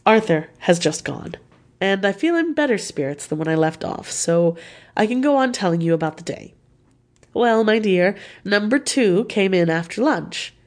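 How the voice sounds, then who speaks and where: A woman reading a novel written as letters aloud, with a lively, confiding, expressive delivery. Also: lowish voice. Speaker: audiobook reader.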